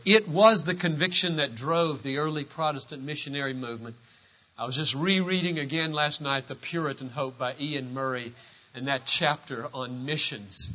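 Bright, sharp-voiced preacher man. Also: a little high, normal speed. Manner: emphatic pulpit preaching, swinging between loud and hushed. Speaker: pastor. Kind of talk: sermon. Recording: dull lo-fi sermon recording.

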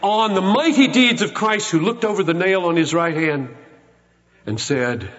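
A man preaching a sermon, moving from hushed, solemn retelling to loud, urgent exhortation. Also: high-pitched, moderate pace. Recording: muffled recording with long hall reverb.

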